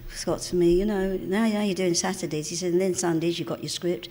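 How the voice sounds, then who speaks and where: In a cinema auditorium before an audience, a guest actress in her seventies from London's East End tells anecdotes in a live on-stage interview, acting out the voices of the people she quotes. Her Cockney-accented voice is on the low side, steady and warm, and she talks a little fast.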